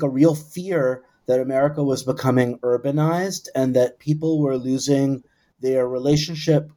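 A man's voice: medium pitch, warm tone. A man answering an interview question in a thoughtful, explanatory way. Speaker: scholar guest.

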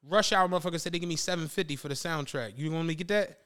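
High-voiced animated man retelling a story. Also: racing, clear, resonant tone. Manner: animated retelling, acting out quotes, profane slang. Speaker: podcast host. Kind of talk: casual storytelling chat.

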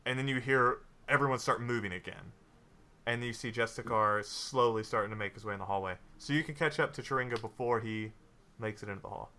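A man's voice: medium pitch, a little fast, sharp tone. A man narrating a tabletop game as game master, in a loose style with many fillers.

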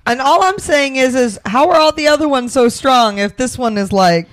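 A woman co-hosting a podcast, making relaxed, dry comments in casual chat. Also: high voice, normal speed.

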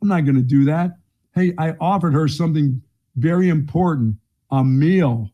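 A man's voice: fairly high pitch, moderate pace, warm tone, muffled recording. A middle-aged man, a sports talk co-host telling a blunt, rambling story in casual banter. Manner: blunt, rambling storyteller who laughs at his own jokes. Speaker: radio sports show co-host.

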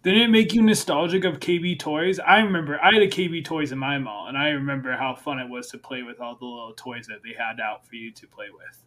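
A man on a casual podcast panel, talking in an animated, playful way and piling up questions. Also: medium pitch, a little fast.

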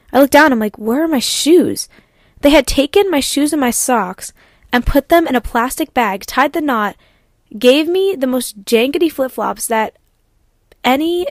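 A young adult woman hosting a podcast, telling a story in casual, animated, exasperated venting and acting out her own replies. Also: fairly high pitch, no echo, studio quality. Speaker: podcast host.

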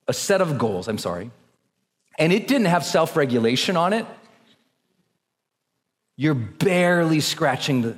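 A man giving an energetic, coaching motivational talk to a live audience and leading them through breathing exercises. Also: fairly high pitch. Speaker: motivational speaker. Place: large hall with a live audience. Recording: long reverb of a large hall.

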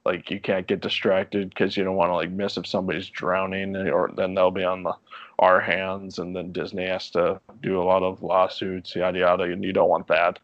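Podcast guest, young man, deep voice, easygoing rambling storyteller, dry muffled recording. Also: moderate pace, no echo. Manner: relaxed, rambling, laughs often. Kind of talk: casual storytelling chat.

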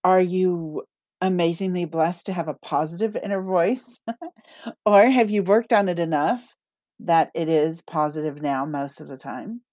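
A woman hosting a casual solo podcast about self-talk, chatty and quick to laugh as she reads out listener comments. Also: lowish voice, steady tone, darkish tone, no room sound. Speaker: podcast host and manifesting coach.

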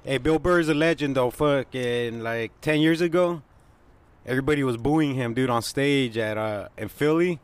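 A man's voice: mid-range voice, normal speed, clean tone, dry recording. A young man co-hosting a casual chat, talking loose and slangy with lots of cursing. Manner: profane, laid-back, slangy. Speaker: podcast co-host.

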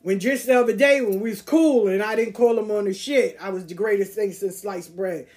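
Laughing as she goes, a woman hosting a podcast tells casual stories in a blunt, foul-mouthed, streetwise style. Her medium-pitched voice is a little mellow and her delivery brisk.

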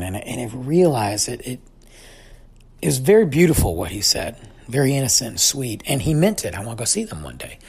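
Husky-voiced man in his forties. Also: medium pitch. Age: 40s. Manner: heartfelt, thoughtful storytelling. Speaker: father telling a family story. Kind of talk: personal reflective monologue.

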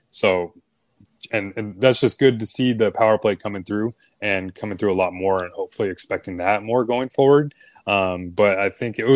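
A man co-hosting a sports podcast, giving a relaxed, rambling breakdown of a game. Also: fairly low pitch, dry recording. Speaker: co-host, analytics. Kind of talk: casual sports podcast chat.

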